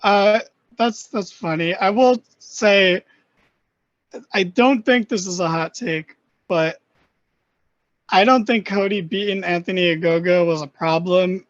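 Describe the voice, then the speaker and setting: A man's voice: high-pitched, measured pace, long pauses, no room sound. A man hosting a casual podcast, easygoing and agreeable as he steers the talk. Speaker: podcast host. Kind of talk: casual chat. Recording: dry, muffled lo-fi mic.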